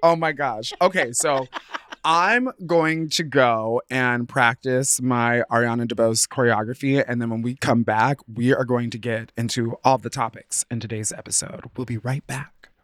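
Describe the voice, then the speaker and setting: A man's voice: mid-range voice, fairly even intonation, normal speed, fairly bright tone, no room sound. Man, podcast co-host, giggly, chatty, playful, casual talk, dry close sound. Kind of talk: casual fashion podcast chat.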